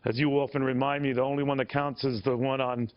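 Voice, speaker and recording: A man's voice: mid-range voice, level tone, fast talker, a little hiss or hum. A man anchoring a TV news interview, wry and teasing, with chatty restarts. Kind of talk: broadcast interview. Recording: dull lo-fi broadcast audio.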